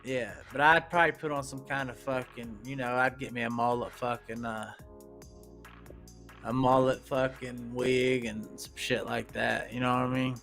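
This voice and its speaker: A man with an Appalachian accent, hosting a livestream in casual, profane chat and talking in a slow drawl. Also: medium pitch, flat delivery, gravelly, fairly bright tone, faint music behind. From Appalachian United States. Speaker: livestream host.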